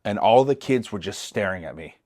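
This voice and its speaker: A middle-aged man from East Los Angeles speaks with a fairly low voice as a podcast guest. He tells a story with lots of energy and acts out the other people's voices. He often repeats and restarts his words as he goes. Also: expressive, brisk, a little mellow. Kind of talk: casual storytelling interview.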